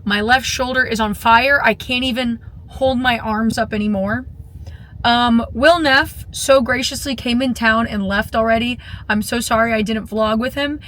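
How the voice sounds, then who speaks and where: Profane, animated young woman vlogging. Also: on the high side, normal speed. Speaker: vlogger training for a boxing match. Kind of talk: casual vlog talk to camera. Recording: echoey room.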